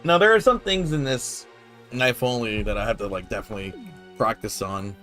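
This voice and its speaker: A man's voice: medium pitch, fairly quick, sharp tone, faint music behind. A man casually commenting while playing a video game, rambling and laid-back with lots of fillers and the odd swear word. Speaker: gameplay streamer.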